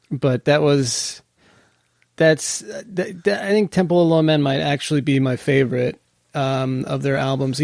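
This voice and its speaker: A man co-hosting a podcast, chatting eagerly about music and often circling back to correct himself. His voice sits a little high with a gravelly fry, recorded close and dry with no room sound. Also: a little mellow, dry recording. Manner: rambling, enthusiastic, self-correcting. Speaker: podcast co-host. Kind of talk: casual music chat.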